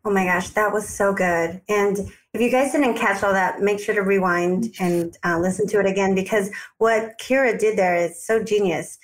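A woman with a mid-range voice hosts a dental podcast and eagerly sums up what her guest just said. She talks warmly and with enthusiasm, with a few ums and restarts. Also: mid-range voice, fairly even intonation, moderate pace, few pauses. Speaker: podcast host, dentist. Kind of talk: conversational podcast interview.

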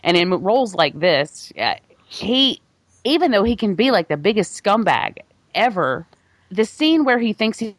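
A woman's voice: mid-range voice, big pitch swings, measured pace, no room sound. A woman co-hosting a film podcast, talking casually and rambling, with frequent laughs and restarts. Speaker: podcast co-host. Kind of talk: casual chat about films.

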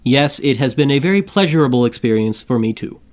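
A man's voice: medium pitch, lively intonation, fairly quick. Jokey man co-hosting a podcast. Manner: jokey, self-deprecating, rambling with fillers. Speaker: podcast co-host. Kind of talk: casual podcast banter.

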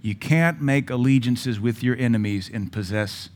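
A middle-aged man preaches with a mid-pitched voice. He surges to loud, emphatic lines, then drops to a near-hush. The delivery is a pulpit sermon. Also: normal speed. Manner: forceful preaching with sudden loud rises and quiet drops. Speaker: pastor.

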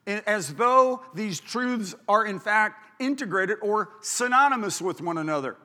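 A male pastor delivers an emphatic sermon in a high, bright voice. He stretches out key words to press them home. His voice rings with the long reverb of a large church hall. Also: animated, unhurried. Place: church auditorium.

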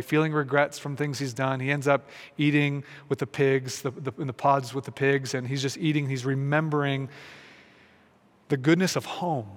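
A man giving a reflective, earnest sermon, often restarting phrases and slowing into soft, quiet pauses. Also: medium pitch, long reverb tail. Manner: earnest and searching, with many restarts and slow, softened pauses. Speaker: pastor.

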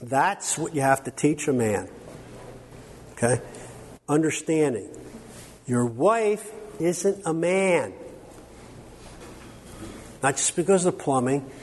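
Animated man teaching in a reverberant hall. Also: on the high side. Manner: animated and joking, quizzing the audience. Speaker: workshop speaker on biblical counseling. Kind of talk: teaching a workshop to a live audience. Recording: long hall reverb, faint background noise.

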